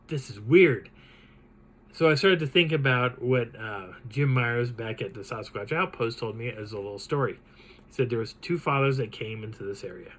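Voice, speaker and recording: A man hosting his own channel, telling a personal encounter story in an animated, dramatic way. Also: mid-range voice, a little hiss or hum, low-quality recording. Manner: animated, dramatic retelling with laughs. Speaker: channel host.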